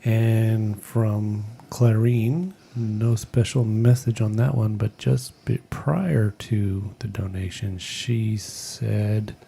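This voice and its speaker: A man co-hosting a live painting stream, reading out viewer messages with dry jokes and halting speech. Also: fairly low pitch, steady tone, creaky, mellow, breathy edge. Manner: dry joking, halting, reads names out.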